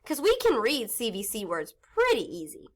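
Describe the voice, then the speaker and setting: A woman teaching a phonics lesson to young children, stretching words out and sounding them slowly. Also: a little high, huge pitch swings. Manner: slow, sing-song teacher talk, stretching out words and sounds.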